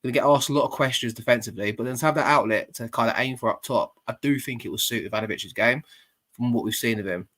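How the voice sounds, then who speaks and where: A man's voice: mid-range voice, quick pace, a bit bright. A man hosting a casual football podcast, blunt and laddish, swearing freely, talking over a remote call. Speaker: podcast host.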